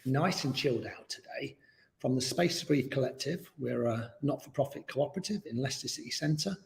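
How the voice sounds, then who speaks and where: A man leading a gentle beginner yoga class in a relaxed, chatty, encouraging way. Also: mid-range voice, brisk, creaky. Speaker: yoga teacher. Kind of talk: gentle guided yoga instruction. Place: yoga studio, indoors. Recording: very echoey, reverberant room.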